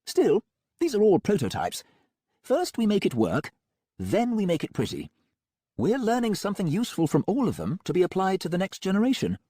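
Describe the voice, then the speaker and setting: A man's voice: high voice, huge pitch swings, normal speed, mellow, husky, no room sound, studio quality, voice pushed up, exaggerated voice. A man voicing a callous male doctor who runs a cyborg ward, breezy and condescending. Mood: smug.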